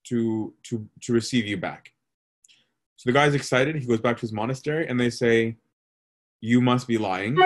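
A male priest giving a casual, conversational sermon, telling stories and asking "right?" along the way. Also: medium pitch. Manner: casual storytelling with many fillers and "right?".

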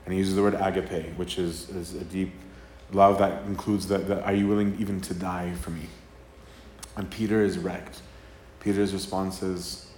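Low-voiced priest giving a chatty talk in an echoey room. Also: male voice, little pitch movement, normal speed, a little mellow, slight background noise. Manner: conversational, acts out quoted dialogue, frequent "right?". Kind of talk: casual sermon talk. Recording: roomy live talk with faint ambience.

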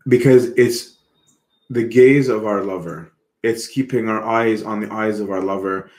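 Slow, low-voiced man preaching. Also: darkish tone, echoey room. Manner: earnest, reflective, slow with repetitions. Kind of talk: sermon.

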